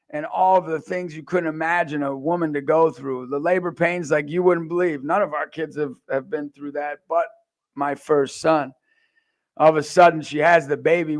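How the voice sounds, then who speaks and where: Gravelly American speaker in his forties, fervent storyteller who bursts loud on quotes. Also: sits high. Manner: impassioned, swings from quiet to loud, acts out quotes. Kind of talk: personal testimony talk.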